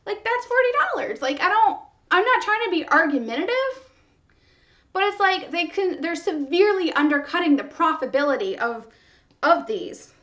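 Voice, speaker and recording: A woman's voice: very high-pitched, sing-song, moderate pace, a bit bright, highs cut off. A young woman hosting a podcast, ranting in casual chat, frustrated and swearing freely with lots of "like". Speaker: podcast host. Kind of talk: casual venting monologue.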